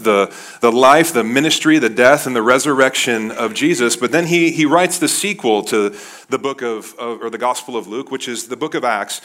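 Male pastor, thirties, lively sermon delivery, mid-pitched voice. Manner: animated, addresses the crowd as guys.

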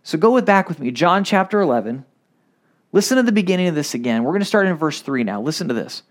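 A male pastor preaching a sermon, reading scripture with expressive, dramatic emphasis. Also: a little high, quick pace.

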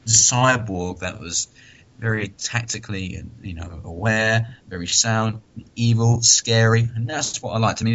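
A man's voice: on the low side, a bit bright. A man co-hosting a podcast in casual chat, laughing often and acting out quotes as he talks. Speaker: podcast co-host. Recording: dull lo-fi sound.

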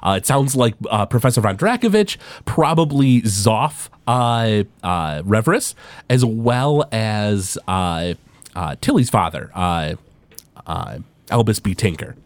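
A man's voice: lowish voice, animated, takes it slowly, dry recording. A man running a tabletop game as game master, narrating with many hesitant fillers.

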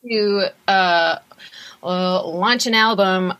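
Woman podcast guest, mid-pitched voice, lively, tends to ramble, laughs easily. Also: very slow, a little hiss or hum. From USA. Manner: animated, laughs often, rambling. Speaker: guest composer. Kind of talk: casual conversation.

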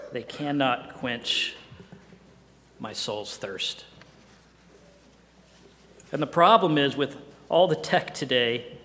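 A middle-aged man preaching a sermon in a conversational way, often dropping to a hushed voice for emphasis and asking the listeners rhetorical questions. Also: medium pitch, in a large hall, slight background noise. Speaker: pastor.

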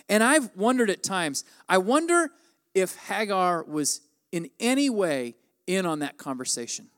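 A man in his forties gives a conversational sermon. His voice sits high for a man. He slips into the people of the story as he quotes them. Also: very animated, unhurried, fairly bright tone, clear, resonant tone. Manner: conversational, acts out quoted lines with raised pitch. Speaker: pastor.

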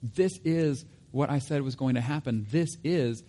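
A man preaching a sermon who voices a calm, resolute figure in a steady, reassuring way. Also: mid-range voice, unhurried, natural voice.

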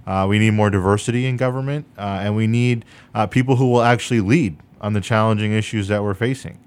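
A man's voice: fairly low pitch, steady tone, clean tone. A young man running for state senate, answering interview questions earnestly with many fillers. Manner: earnest, measured with frequent fillers.

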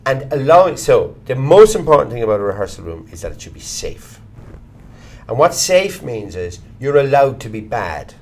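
A middle-aged man with an Irish accent speaks candidly as an interview guest. He is blunt and casual with swearing, and his pitch rises and falls in a very lively way. His voice sits at an ordinary middle pitch. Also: normal speed, slight background noise. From Ireland. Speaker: actor, guest.

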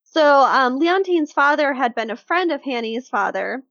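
A woman co-hosting a casual true-crime podcast, telling the case in a chatty, animated way with lots of fillers. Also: high-pitched, moderate pace, no echo, lo-fi sound.

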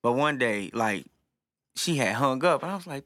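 A man in casual chat, telling animated stories and acting out what people said. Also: medium pitch, fairly quick, dry recording, studio quality. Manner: animated storyteller, acts out quotes.

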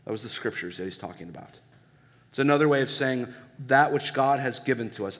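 A man's voice: medium pitch, animated, brisk. A male pastor preaching a sermon in a conversational way, asking his listeners many rhetorical questions. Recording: long reverb of a large hall.

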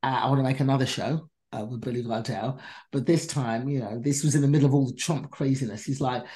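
A woman's voice: rumbling low, fast. A woman comedian telling a story as a podcast guest, acting out each person's lines and swearing freely. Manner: animated, acts out dialogue in different voices. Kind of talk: conversational storytelling.

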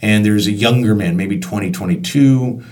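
A man's voice: on the low side, normal speed, darkish tone. A man telling a personal work anecdote in a conversational way, often restarting sentences and acting out dialogue. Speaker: storyteller recalling work as concert venue staff. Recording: voice picked up from a distance.

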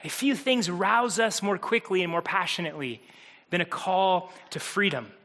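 A male pastor preaching with energy, his voice high and bright. He builds his points through rhetorical repetition, and the sound rings with the long reverb of a church hall. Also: moderate pace. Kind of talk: sermon. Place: church sanctuary.

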